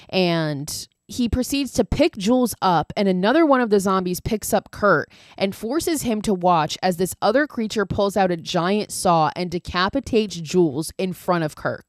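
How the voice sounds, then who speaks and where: A woman's voice: mid-range voice, no room sound, studio quality. A woman hosting a podcast, casually recapping a film with lots of swearing and gushing asides. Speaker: podcast host.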